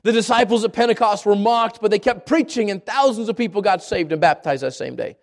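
A man with a high voice preaching an impassioned sermon. He surges upward when stressing a point and sinks low and quiet when he prays. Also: fairly quick, creaky. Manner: impassioned, rises high for emphasis then drops to a hushed prayer. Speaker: pastor.

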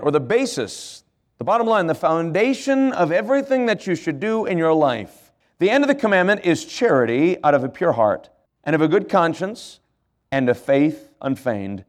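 Preaching man, slightly high voice. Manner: spells out words letter by letter, asks congregation questions; slows to stress key phrases, rises in passion. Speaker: pastor. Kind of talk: sermon with fill-in handout.

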